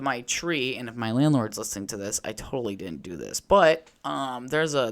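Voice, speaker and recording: A young man talks alone into his podcast mic at home, rambling through his story with plenty of swearing. His delivery is loose, conversational and unscripted, with an ordinary middle pitch. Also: fairly bright tone. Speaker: podcast host. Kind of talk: solo casual podcast rant. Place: at home by a window.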